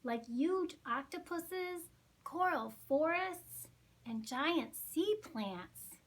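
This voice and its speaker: Lady doing squeaky little penguin girl, super eager and gushy, highish voice. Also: lively intonation, slow pace. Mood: excited. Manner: squeaky, gushing. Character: eager chatty young female penguin.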